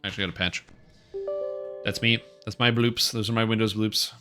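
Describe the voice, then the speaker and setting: A man's voice: lowish voice, steady tone, fairly quick, pushed and bright, soft background music. A man streaming a video game, chatting casually in a rambling, offhand and opinionated way. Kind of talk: casual live-stream commentary.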